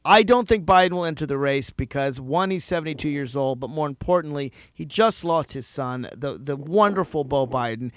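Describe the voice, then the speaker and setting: Male talk radio host, pushy and quick to interrupt, voice a touch high, dull dry studio sound. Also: no echo. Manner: brisk, insistent, interrupts to make his point. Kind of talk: political call-in talk.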